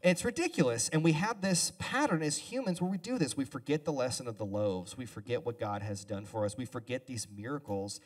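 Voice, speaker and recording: A male pastor giving a relaxed sermon as a two-person conversation, casual and chatty with joking asides. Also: medium pitch, a little fast, few pauses. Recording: voice a bit far from the mic.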